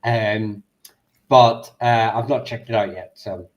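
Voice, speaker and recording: A man from Northern Ireland with an Ulster accent softened by English elocution lessons, chatting casually about history with frequent ums and restarts. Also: on the low side, fairly even intonation, takes it slowly, highs cut off. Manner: hesitant, lots of ums and restarts.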